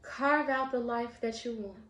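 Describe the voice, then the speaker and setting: A woman's voice: a little high, a little slow, fairly bright tone, echoey room. A woman giving a casual spiritual tarot reading, heartfelt and encouraging, often breaking into laughter. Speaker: tarot reader.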